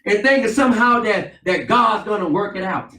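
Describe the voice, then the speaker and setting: A high-pitched pastor delivers an emphatic call-and-response sermon in an echoey church. The mic sits at a distance, so his voice sounds roomy and far off, swinging between loud and soft. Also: animated, moderate pace. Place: church sanctuary.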